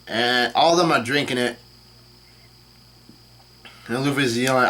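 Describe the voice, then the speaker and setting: A man casually reading a comic chapter aloud and commenting on it, with the dialogue in a flat voice and frequent fillers and self-corrections. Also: medium pitch, a little slow. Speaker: channel host reacting to a comic chapter.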